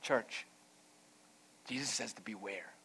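A pastor preaching an earnest, emphatic sermon, weaving in a storytelling aside. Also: male voice, fairly low pitch, takes it slowly, vocal fry, sharp tone, husky.

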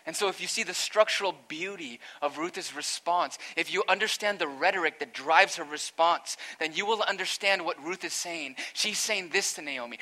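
A man's voice: sits high, moderate pace, few pauses, pushed and bright. A man, a pastor, preaching an earnest expository sermon that rises to emphatic peaks.

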